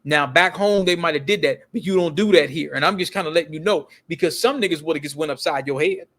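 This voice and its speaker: A man's voice: fairly high pitch, quick pace, fairly bright tone. A man telling stories in a casual, emphatic rant, full of street slang and repeated words. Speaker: video commentator.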